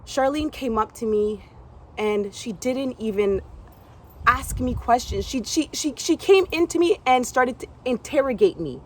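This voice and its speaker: A young woman from Canada telling a personal story from her gymnastics past, acting out other people's lines in a higher voice. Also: lively intonation, a little slow, darkish tone, a little hiss or hum.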